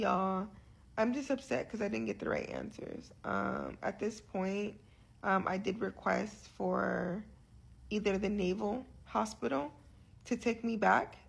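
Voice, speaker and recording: A young woman shares her health journey in a candid vlog, her frustration and earnestness showing as she restarts sentences and repeats words. The voice is mid-range and husky, with vocal fry.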